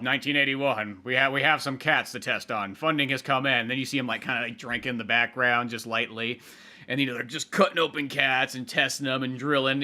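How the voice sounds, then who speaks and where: A man's voice: medium pitch, bright, forceful tone. A man co-hosting a podcast in casual chat, rambling, swearing and laughing as he retells scenes. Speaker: podcast co-host.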